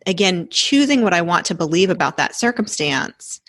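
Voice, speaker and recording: A woman hosting a podcast, speaking in a measured, reflective way and laughing easily in casual conversation. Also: on the low side, lively intonation, fairly bright tone, dry recording. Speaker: podcast host.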